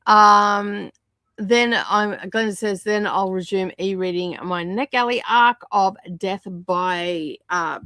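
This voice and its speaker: A woman hosting a casual livestream, greeting viewers and chatting, her voice croaky from a sore throat. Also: medium pitch, slow, bright, forceful tone, no echo, studio quality. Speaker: livestream host. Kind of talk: casual livestream chat reading out viewer comments.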